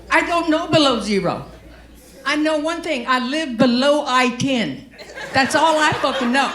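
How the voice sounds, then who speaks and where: Her voice is high and a bit bright. Performing a stand-up comedy set in front of a live audience, this Louisiana woman with a Cajun Southern accent spins a brash, profane story, recorded in a roomy live venue with faint ambience.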